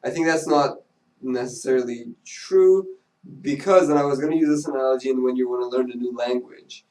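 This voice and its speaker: A man in a casual group discussion, explaining his point with examples in a measured way. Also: mid-range voice, darkish tone. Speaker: discussion participant. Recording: roomy, slightly distant mic.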